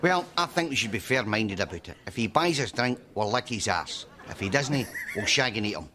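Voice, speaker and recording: A man's voice: lowish voice, expressive, a little fast, sharp tone. A man playing a coarse, scheming pub regular who makes crude jokes. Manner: crude joking. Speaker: sitcom character.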